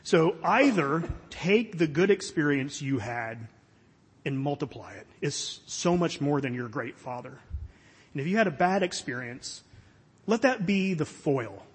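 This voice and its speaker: A man's voice: a little high, expressive, unhurried, slightly rough. A middle-aged man from Florida preaching a sermon, earnest and conversational with touches of humor. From Florida, USA. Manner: conversational, earnest, with light self-deprecating humor. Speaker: pastor. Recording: long hall reverb.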